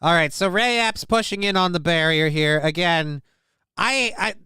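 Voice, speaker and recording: Bright, crisp-voiced male streamer. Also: high-pitched, moderate pace, no echo. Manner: crude joking, reading chat aloud. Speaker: livestream host. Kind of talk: casual livestream commentary.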